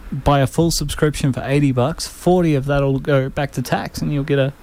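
A young man chats on air as a community radio presenter. His voice sits a touch high. He rambles easily and stumbles over repeated words. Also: fairly even intonation, normal speed, a little mellow. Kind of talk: casual on-air radio chat. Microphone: studio broadcast mic.

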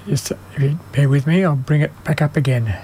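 Halting man hosting a music radio show. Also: on the high side, dark tone, a little hiss or hum. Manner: halting, many ums and uhs. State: losing his voice, coughing. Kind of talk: unscripted radio presenting.

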